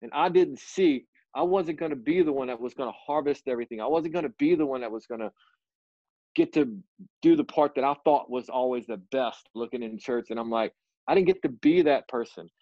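A man, a missionary guest, telling a personal story in an earnest, animated way with frequent restarts. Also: mid-range voice, brisk, dry recording. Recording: dull lo-fi dry sound.

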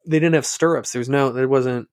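A man in his middle register talks loosely and profanely in an easygoing chat. He gets animated when he tells a story, mimicking the people he quotes. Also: mid-range voice, a little fast. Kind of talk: casual chat.

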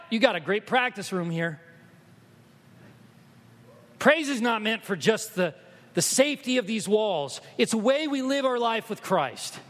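Male pastor, high voice, sermon swinging from quiet story to loud exhortation, reverberant room. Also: animated, a little slow, pauses often. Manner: swings from hushed storytelling to loud, emphatic preaching.

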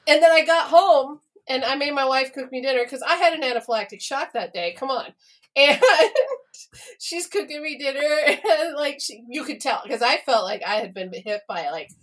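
A woman's voice: high-pitched, lively intonation, moderate pace, a bit bright. Swearing, laughing woman telling a story. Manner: laughing, swearing, acts out quoted dialogue. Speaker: podcast co-host. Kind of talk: casual storytelling chat.

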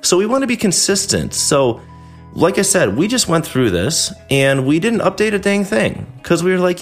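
A man's voice: sits high, big pitch swings, normal speed, soft background music. A man hosting a podcast, talking casually and acting out quotes from patients and staff as he explains how a dental office runs. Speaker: podcast host, dentist. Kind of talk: casual instructional talk.

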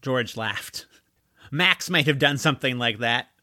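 Slow, unhurried male storybook narrator. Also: medium pitch, lively intonation, pushed and bright, no echo, clean studio sound. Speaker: audiobook narrator.

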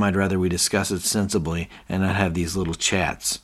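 A man's voice: low-pitched, moderate pace, breathy edge. A man co-hosting a podcast, casually recapping a TV episode and animatedly quoting the characters. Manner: animated retelling, quoting characters with rising energy. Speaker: podcast co-host.

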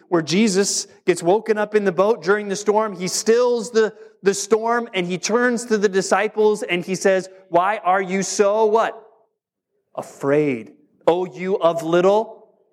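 A male pastor delivering a sermon in a slightly higher voice. He is emphatic and drags out key words for weight, with a quick, conversational pace between them.

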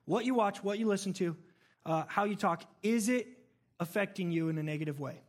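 A male pastor giving a sermon in a conversational, animated way, telling stories and laughing along the way. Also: high-pitched, brisk.

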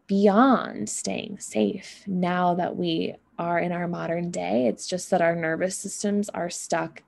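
A woman giving a reflective monologue on emotions and healing. She talks in an unhurried, musing way and often adds "right?" and "you know". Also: on the low side, steady tone, creaky, darkish tone.

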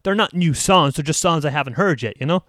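A man's voice: a little high, expressive, fairly quick, a bit bright, no echo, clean studio sound. A man hosting a solo podcast, chatting casually and rambling about movies, laughing at himself now and then. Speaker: podcast host. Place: lives in Taiwan.

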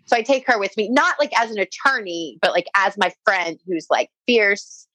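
A woman's voice: medium pitch, expressive, normal speed, bright, forceful tone, no echo, poor audio. A young adult woman telling a personal story in casual conversation, full of "like" fillers and quoting what others said.

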